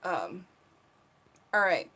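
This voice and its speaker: A woman's voice: on the low side, sing-song, very slow, bright, forceful tone. Female livestream host from South Carolina, chatty, reads viewer comments aloud, recorded in her bedroom. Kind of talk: casual livestream chat. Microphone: seated at own camera.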